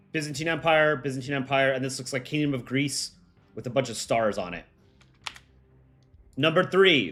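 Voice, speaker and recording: A young American man chatting casually on a live stream as its host, relaxed and full of ums and likes. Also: mid-range voice. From United States. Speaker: streamer and voice actor.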